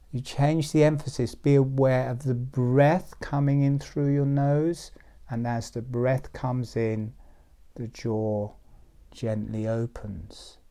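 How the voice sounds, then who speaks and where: A man giving guided breathing and relaxation instructions in a calm, soft-spoken way, often trailing into near-whispers. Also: medium pitch.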